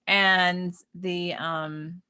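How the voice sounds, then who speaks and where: A woman co-hosting a spiritual talk show, speaking in a relaxed, rambling way and often checking in with "right?". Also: lowish voice, very slow, smooth. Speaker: podcast co-host. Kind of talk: spiritual conversation.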